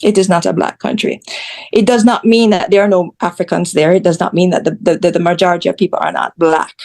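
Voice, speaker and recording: A woman's voice: on the low side, quick pace, gravelly. Blunt, candid woman from Jamaica. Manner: blunt and candid, animated storytelling. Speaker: interview guest, social media creator. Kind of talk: conversational interview.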